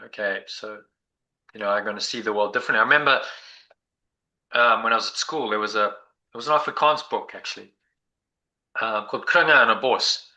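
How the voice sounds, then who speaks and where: Bright-voiced man musing. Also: fairly low pitch, low-quality recording. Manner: meandering, reflective, many restarts. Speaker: meditation group leader. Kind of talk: casual spiritual discussion.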